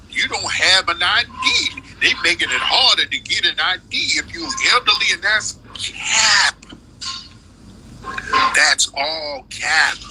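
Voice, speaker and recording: A man's voice: a little high, sharp tone, slight background noise, rough recording. A man hosting a live stream, delivering a heated, slangy political commentary rant with lots of emphasis.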